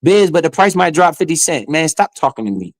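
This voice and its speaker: A man's voice: fairly high pitch, very animated, brisk, dry recording. A man streaming live, giving casual, slangy commentary with swearing and often speaking straight to his chat.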